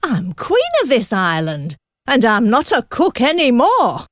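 A woman's voice: on the high side, wildly swooping pitch, unhurried, dry recording, clean studio sound. A woman voicing a cheerful cook who becomes an island queen, sounding sweet, happy and dreamy. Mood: stubborn.

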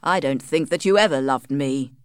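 A woman voicing an arrogant young gentleman, demanding and offhand, at times mocking. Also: a bass voice, normal speed, clean tone, no echo, clean studio sound, pitched below the performer's own voice.

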